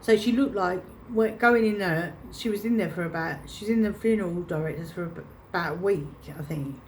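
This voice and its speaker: A woman's voice: fairly low pitch, brisk, slight background noise. A woman telling a painful personal story to camera, emotional and reenacting her own past words. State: choked up. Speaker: vlogger.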